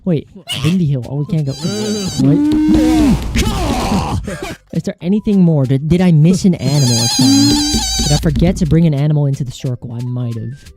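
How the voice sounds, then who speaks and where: Excitable giggly woman streamer, lowish voice with wild pitch swings, over loud game music. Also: brisk, long pauses. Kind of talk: casual gameplay commentary.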